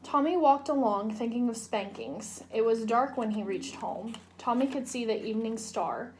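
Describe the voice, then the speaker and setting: A young woman, a student, narrating a children's storybook read-aloud in a gentle, clear way. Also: on the high side, moderate pace, slight background noise. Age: young adult. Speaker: student reader.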